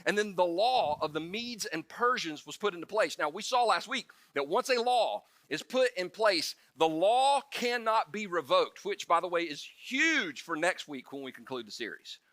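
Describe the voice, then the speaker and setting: A male pastor giving a casual sermon in a conversational, joking way, with quick asides and restarts, acting out the story figures in quick little voices. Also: high-pitched, expressive, a bit bright, dry recording.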